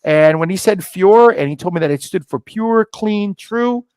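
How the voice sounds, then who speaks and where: Middle-aged male guest, energetic storyteller who acts out both sides of a conversation, dry close mic. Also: sits high, moderate pace, clear, resonant tone, dry recording. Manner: lively storyteller, acts out dialogue with rising excitement. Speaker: scotch company founder, guest. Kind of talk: animated storytelling interview.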